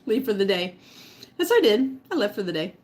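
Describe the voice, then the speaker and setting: A woman's voice: medium pitch, very animated, brisk. A middle-aged woman vlogger telling a story to her live chat, laughing often and eating as she talks. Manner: giggly, laughs often while talking; eating while talking.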